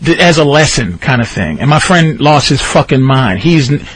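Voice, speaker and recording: A man telling a long story on a radio talk show, profane and animated, jumping into high shouting voices for the people he quotes. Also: moderate pace, a little hiss or hum. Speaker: guest storyteller.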